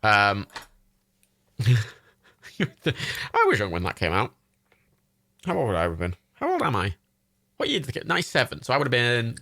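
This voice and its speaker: This Irish livestream host in his twenties chats about films while browsing, his medium-pitched voice swooping wildly, creaky, pushed and bright, at normal speed with long pauses. There's no room sound, and he rambles enthusiastically, swearing freely and using lots of fillers.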